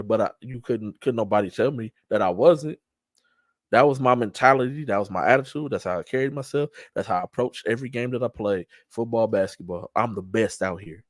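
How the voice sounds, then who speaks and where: A man's voice: medium pitch, dry recording. Emphatic streetwise man, dry close sound. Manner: emphatic, trash-talking streetwise delivery with repeated restarts. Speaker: show host and event organizer. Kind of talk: casual talk-show monologue.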